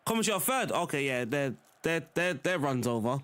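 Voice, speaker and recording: A man's voice: on the high side, sing-song, fairly quick, fairly bright tone, smooth. A young man live-streaming a football management game, chatting casually to his viewers as he plays. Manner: chatty, talks to chat while playing.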